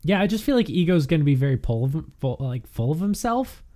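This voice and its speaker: A woman's voice: low voice, very animated, a little fast, warm tone. A woman playing a tabletop game, chatty with many fillers. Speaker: player. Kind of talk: casual chat in a tabletop game.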